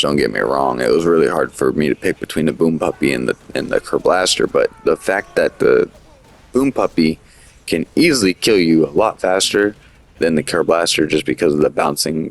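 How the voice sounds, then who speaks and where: A man's voice: very deep voice, vocal fry. A man giving casual, rambling gameplay commentary, full of fillers and restarts, with the hiccups. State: has the hiccups. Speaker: gaming commentator.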